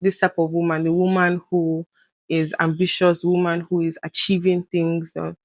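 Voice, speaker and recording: A woman with a lowish voice speaks at a moderate pace as a guest in a candid personal conversation. She is earnest and open, often reenacting past conversations with lively quoted voices. The recording is dry.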